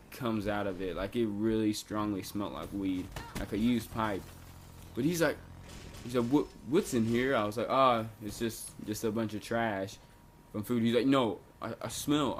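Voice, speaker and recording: A man's voice: mid-range voice, a little hiss or hum. A young man vlogging a casual storytime, rambling and laid-back, with lots of "like" fillers.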